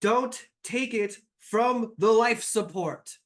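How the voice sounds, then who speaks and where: A man's voice: high voice, very fast, fairly bright tone, voice pushed up. A man voicing a volatile male inventor with mechanical arms, who curses and snaps in exasperated outbursts.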